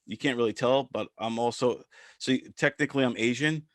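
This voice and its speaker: A man's voice: medium pitch, a little fast, dry recording, studio quality. A man co-hosting a podcast, talking casually and rambling with frequent restarts and stammers. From part Filipino descent. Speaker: podcast co-host. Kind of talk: casual commentary chat.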